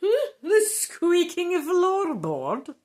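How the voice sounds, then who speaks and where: A shrill, scornful countess, as a woman puts her on, shrieking high and full of indignation. Her pitch leaps about wildly. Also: huge pitch swings, extremely slow, a little mellow, exaggerated voice.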